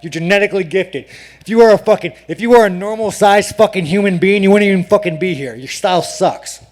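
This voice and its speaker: A man ranting profanely at a press scrum, swinging between mumbles and shouts. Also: sits high, quick pace. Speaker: fighter at media day. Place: media scrum with crowd.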